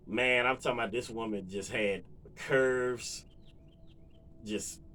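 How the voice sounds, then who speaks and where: Laid-back dude w/ rambling a story to the cam, um's and you-knows everywhere, bright voice. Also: male voice, medium pitch, slow pace. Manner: relaxed, rambling, lots of fillers and asides to viewers. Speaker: vlogger. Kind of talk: casual storytelling to camera.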